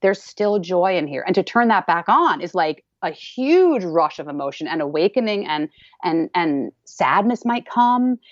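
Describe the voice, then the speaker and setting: A woman's voice: fairly low pitch, sing-song, a little slow, no echo. A woman dance teacher talking in a casual interview, emphatic and repeating phrases for weight. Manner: emphatic, repeats phrases, acts out people's voices. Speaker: dance teacher, podcast guest. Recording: dull, slightly lo-fi, dry sound.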